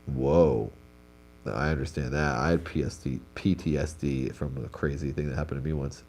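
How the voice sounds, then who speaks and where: A man's voice: rumbling low, fairly even intonation, normal speed, creaky, a little mellow, slight background noise. A young man, sounding congested, reads stories aloud on a live stream as host and breaks off for casual comments. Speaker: host reading viewer stories.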